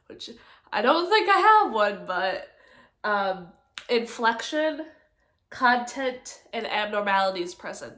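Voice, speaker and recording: A young woman going over nursing study notes in a halting, casual way, full of ums and likes. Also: mid-range voice, fairly bright tone. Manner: halting, many ums and likes, self-correcting. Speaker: nursing student presenter. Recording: echoey room.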